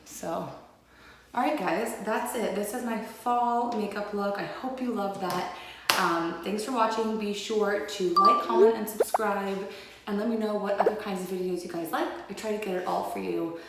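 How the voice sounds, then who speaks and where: A woman's voice: mid-range voice, normal speed, heavy background noise. A woman vlogger giving a casual makeup tutorial, chatty and upbeat, a little out of breath. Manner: chatty and upbeat, addressing viewers as friends. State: slightly out of breath. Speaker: lifestyle vlogger. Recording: very echoey room.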